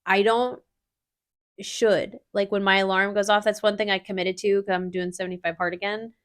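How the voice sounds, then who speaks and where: A woman's voice: mid-range voice, level tone, normal speed, fairly bright tone. A woman co-hosting a casual podcast, talking bluntly and animatedly and swearing casually. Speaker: podcast co-host.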